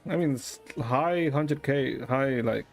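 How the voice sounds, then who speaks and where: A man streaming and chatting with viewers in a deadpan, rambling way, swearing now and then. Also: mid-range voice, slow pace, creaky. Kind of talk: casual chat with viewers.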